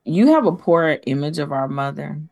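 A woman hosting a podcast, telling stories in a casual, animated way. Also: low-pitched, normal speed, vocal fry. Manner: animated storytelling, acts out voices. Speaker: podcast host. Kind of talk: casual chat.

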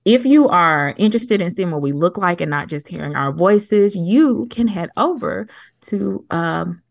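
A woman's voice: lowish voice, animated, unhurried, gravelly, no room sound, studio quality. A woman co-hosting a casual podcast, chatty and rambling, a little out of breath at times. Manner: chatty, rambling, laughs easily. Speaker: podcast co-host.

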